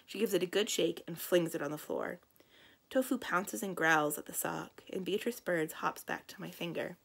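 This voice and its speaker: Woman reading a kids' book out loud, super expressive, bit of vocal fry. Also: normal speed. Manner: lively, expressive storytelling with big swings in pitch and loudness. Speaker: librarian reading aloud. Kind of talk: reading a children's novel aloud.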